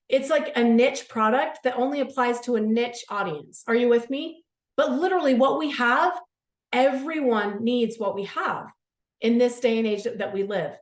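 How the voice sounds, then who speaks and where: A woman in her thirties giving an earnest, gushing testimonial pitch, peppered with "like" and close to tears at times. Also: echoey room. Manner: gushing, earnest, says "like" often, chokes up at times. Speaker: guest speaker.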